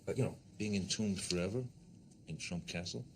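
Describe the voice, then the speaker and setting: An actor playing a crude, boastful tycoon who talks over everyone, in a satirical comedy film. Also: male voice, low voice, brisk, slight background noise. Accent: New York. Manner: boastful, interrupts, bossy, rambling.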